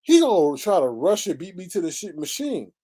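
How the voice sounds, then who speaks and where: A man hosting a casual livestream, telling stories and venting with big swings in pitch and sudden exclamations. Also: sing-song, brisk, warm tone, husky. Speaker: livestream host. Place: at home by a computer, streaming live.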